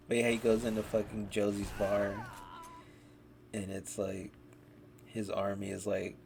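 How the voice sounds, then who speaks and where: A man with a low, gravelly voice rambles through a casual podcast review. He swears freely and leans on fillers. Steady background noise sits behind him. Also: slow, long pauses. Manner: rambling, profane, lots of fillers. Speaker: podcast host. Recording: noisy background.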